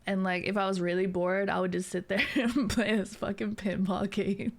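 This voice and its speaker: A woman's voice: mid-range voice, flat delivery, moderate pace. A young adult woman streamer chatting casually with viewers, laughing often and teasing.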